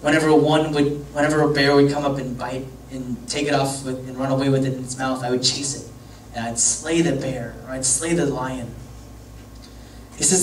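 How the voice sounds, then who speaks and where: A man's voice: mid-range voice, fairly even intonation, moderate pace. A young man, a youth pastor, telling a story to a youth group in a casual, joking, rambling way. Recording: echoey room from far off, faint hum.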